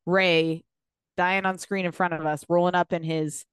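A woman's voice: fairly low pitch, flat delivery, moderate pace, clean tone, no room sound. A woman co-hosting a podcast in casual chat, gushing and using lots of fillers. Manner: gushing, filler-heavy, laughs easily. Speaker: podcast co-host.

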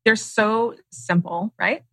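A woman's voice: fairly high pitch, steady tone, slow pace, fairly bright tone, no room sound. A woman in her late thirties, a guest author and coach, explaining her ideas in a podcast interview and acting out inner voices with animation. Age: late 30s.

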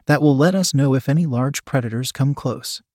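A man's voice: medium pitch, normal speed, mellow, no echo, natural voice. A man voicing a confident, bossy outdoorsy young woman in an audio story, upbeat and insistent, close to his own voice. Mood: breezy, insistent.

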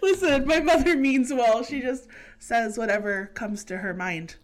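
A young woman from California is co-hosting a casual podcast chat, talking in a voice pitched a little high. She is chatty and animated, laughing often as she tells family stories. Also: a little slow. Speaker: podcast co-host.

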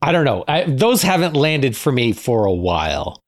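A man's voice: medium pitch, very animated, moderate pace. A man co-hosting a podcast, chatting casually and playfully, throwing out ideas and jokes. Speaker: podcast co-host. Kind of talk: casual chat.

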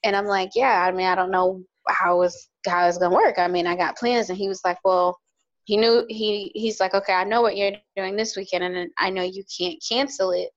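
A woman's voice: medium pitch, brisk, highs cut off. Chatty woman telling a dating story. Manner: animated storytelling, quoting others. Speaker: podcast co-host. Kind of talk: casual chat.

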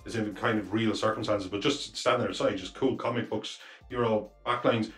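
A man's voice: fairly low pitch, steady tone, moderate pace, faint music behind. A man co-hosting a casual film review podcast, rambling with many restarts and the odd swear. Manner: rambling, self-interrupting, swearing. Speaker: podcast co-host.

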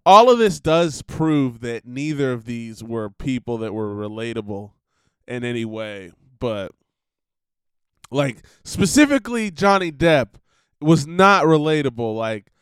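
A man's voice: a little high, smooth, dry recording, clean studio sound. A young man hosting a podcast, rambling in a casual monologue full of fillers and laughter. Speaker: podcast host. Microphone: computer recording setup.

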